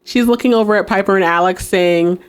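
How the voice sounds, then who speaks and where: A woman's voice: mid-range voice, brisk, smooth. A young adult woman hosting a podcast, casually recapping a TV episode, laughing often and acting out characters' lines. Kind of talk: casual recap with acted-out quotes.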